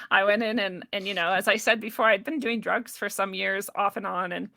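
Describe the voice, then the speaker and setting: A woman shares a personal story in relaxed, conversational talk. Her voice is bright and forceful, and the recording is close and dry. She laughs often and slips into the voices of people she quotes. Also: medium pitch, moderate pace, gravelly, no room sound. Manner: animated, laughs often, acts out what people said. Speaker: podcast guest.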